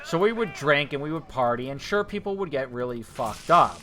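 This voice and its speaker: A man's voice: medium pitch, fairly quick. A man chatting casually while playing a video game, telling a rambling anecdote with restarts and swearing. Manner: excitable storyteller, many restarts and swearing. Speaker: let's play co-host.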